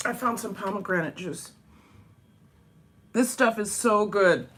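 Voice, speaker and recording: A woman's voice: medium pitch, unhurried, husky. A woman vlogging casually over breakfast at home, chatty and rambling, laughing often. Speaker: vlogger and dance teacher.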